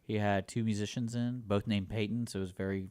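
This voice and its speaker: A man co-hosting a radio chat show, making quick, quippy asides. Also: fairly low pitch, fairly even intonation, darkish tone, clear, resonant tone, no echo.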